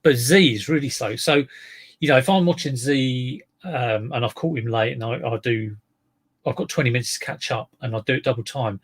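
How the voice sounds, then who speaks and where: A man's voice: medium pitch, normal speed, slightly rough. A man talking unhurriedly to his live-stream viewers in a rambling, chatty way.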